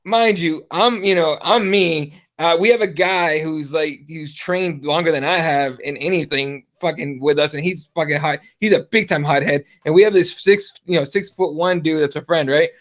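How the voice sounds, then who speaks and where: High-voiced cursing podcast host. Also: male voice, normal speed, few pauses, fairly bright tone. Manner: profane, rambling, lots of fillers. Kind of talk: casual chat, storytelling.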